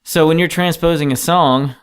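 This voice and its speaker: A man's voice: on the high side, fairly even intonation, moderate pace, clear, resonant tone. A man, a touring guitarist, chatting casually as a podcast guest in a home basement, easygoing and rambling, full of "you know" and "man". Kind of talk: casual chat.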